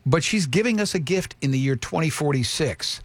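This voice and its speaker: A man's voice: fairly high pitch, animated, a little fast, no echo. A man hosting a morning radio show, joking and teasing a caller through a quiz.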